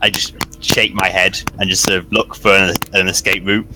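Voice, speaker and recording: A man's voice: deep voice, flat delivery, moderate pace, noisy background. A man playing in a tabletop game, describing his character's actions casually with lots of hedging. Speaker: player. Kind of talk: tabletop role-play.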